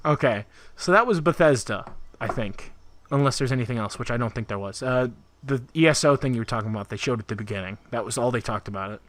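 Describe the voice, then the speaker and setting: A man's voice: mid-range voice, quick pace, fairly bright tone. A man co-hosting a casual video game podcast, rambling with lots of laughs and filler words. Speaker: podcast co-host. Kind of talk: casual chat about video games.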